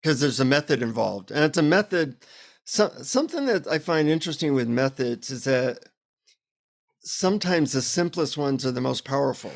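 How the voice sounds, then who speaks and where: Male guest; lively anecdote teller, wry about himself, average pitch. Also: normal speed, creaky. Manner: animated, self-deprecating anecdote teller. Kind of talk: casual interview storytelling.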